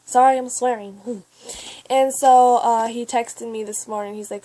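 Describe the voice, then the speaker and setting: Teen girl vlogging, kinda high voice, mellow tone, rambly and chatty, swears then says sorry. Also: steady tone. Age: teens. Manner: rambling, chatty, swears and apologizes, quick asides. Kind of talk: casual storytelling to camera.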